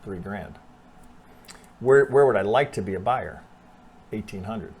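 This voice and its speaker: A man's voice: fairly low pitch, expressive, unhurried, darkish tone, husky. A man talking casually through trading charts, thinking aloud with restarts, frequent "right?" and blunt swearing. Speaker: trading analyst. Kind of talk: casual chart analysis over screen share.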